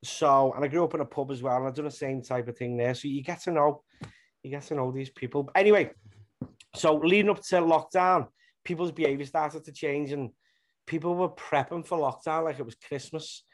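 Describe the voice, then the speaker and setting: A man's voice: a little high, steady tone, fairly quick. Swearing Scouse man, rambling stories. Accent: Liverpool (Scouse). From Liverpool, England. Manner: rambling storyteller, swears freely. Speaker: guest comedian. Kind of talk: casual interview chat.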